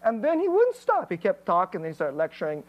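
A woman's voice: medium pitch, huge pitch swings, fairly quick, muffled recording. A woman pastor giving an emotional, candid personal testimony in a sermon, with plenty of fillers and restarts.

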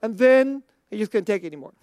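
A woman's voice: mid-range voice, animated, fast talker, a little mellow, no echo, studio quality. A woman giving an informal Christian teaching talk, conversational and thinking aloud, chuckling often between points. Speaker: Christian speaker.

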